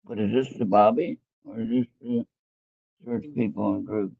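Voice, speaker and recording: Gravelly low man on a tinny line. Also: steady tone, moderate pace, dry recording. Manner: rambling, talks to himself while fumbling with his phone. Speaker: tarot reader hosting an internet radio show. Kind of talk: casual live spiritual reading and chat.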